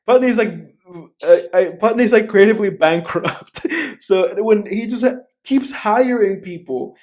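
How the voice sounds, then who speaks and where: A man's voice: high-pitched, a little slow, a little mellow. A young man co-hosting a film podcast, rambling casually, swearing, laughing often and acting out scenes. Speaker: podcast co-host. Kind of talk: casual chat.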